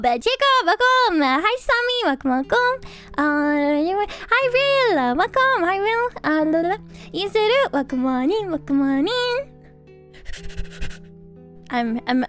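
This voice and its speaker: A woman's voice: very high voice, fairly bright tone. A young woman streaming, chatting casually and greeting viewers in a bubbly, giggly, rambling way. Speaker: VTuber streamer. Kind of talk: casual livestream chat.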